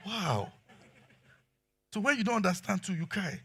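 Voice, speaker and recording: A middle-aged man with a Nigerian accent preaching a sermon, shifting between quiet asides and loud exclamations. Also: high voice, sing-song, moderate pace, vocal fry, pauses often, slightly rough. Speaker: pastor.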